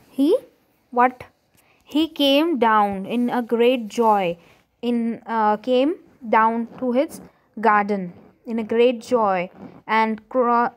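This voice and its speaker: A woman teacher reads a children's story aloud and explains it. Her voice sits a little high, and she moves very slowly, stumbling and rephrasing as she goes. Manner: slow, halting reading with frequent restarts and rephrasing.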